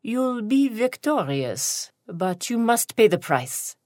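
A woman putting on a sly male shoemaker in his late thirties with an unplaced foreign accent. He speaks slowly and softly, in a hushed, insinuating way that carries a hint of menace. It is a storybook tale, read up close in a very dry sound. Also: on the high side, sing-song, dry recording, voice pushed up.

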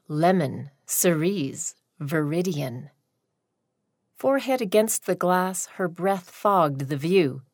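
Slow, deliberate woman storyteller. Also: fairly low pitch, dry recording, studio quality. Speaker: narrator. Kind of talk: storybook reading.

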